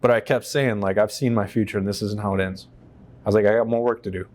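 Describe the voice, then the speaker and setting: A man from the United States, a veteran guest, telling his story in an interview in an animated, profane way and acting out what people said. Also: on the low side, fast. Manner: animated, profane, acts out quotes. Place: on a stage in a shop.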